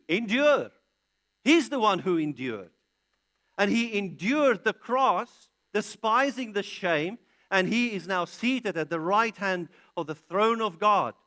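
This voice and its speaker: A man's voice: sits high, fairly bright tone. Emphatic man preaching a sermon. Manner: emphatic, rising to punch key words; reads scripture aloud, asks and answers his own questions. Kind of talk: expository sermon. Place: large church hall.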